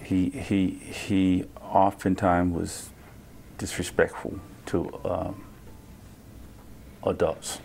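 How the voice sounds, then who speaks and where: Very deep, slow, gravelly man. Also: level tone, darkish tone, a little hiss or hum. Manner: slow, halting, measured. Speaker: interviewee.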